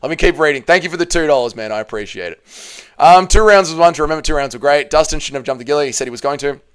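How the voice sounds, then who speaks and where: A man's voice: fast talker, clean tone. A man hosting a casual livestream, reading chat aloud and swearing, his voice climbing when upset. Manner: emotional, repeats himself, swears, rises in pitch when upset.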